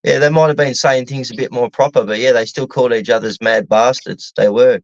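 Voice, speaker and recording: A middle-aged Australian man, co-hosting a podcast, chats casually in a medium-pitched, steady, fairly quick and creaky voice, rambling and swearing as he thinks aloud. He's on an online call mic, and the recording sounds dull, lo-fi and dry.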